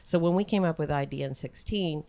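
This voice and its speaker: A woman's voice: low voice, a little fast, vocal fry, dark tone. A woman co-founder of a film festival, talking as a guest in a casual interview in a businesslike way with small laughs. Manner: businesslike, laughs between points.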